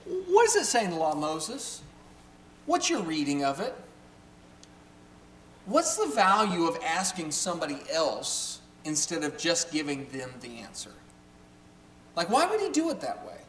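A man with a fairly high voice whose pitch swoops wildly speaks a little slowly, leaving long pauses, his tone a bit bright. He gives a chatty, conversational Bible teaching to a live group in a room, frequently checking in with his listeners. The recording has a roomy echo and a faint hum.

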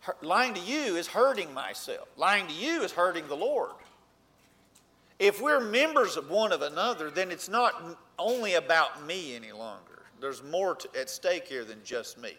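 A man preaching a sermon, earnest, rising to emphatic points and then dropping low. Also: sing-song, moderate pace, sharp tone.

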